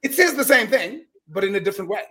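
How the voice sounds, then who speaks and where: A middle-aged man speaking as a guest on an interview podcast. He talks in an emphatic, earnest way, with quick restarts and repeated words. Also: high voice, very animated, sharp tone. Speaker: guest speaker on mind power. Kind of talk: animated storytelling in a podcast interview.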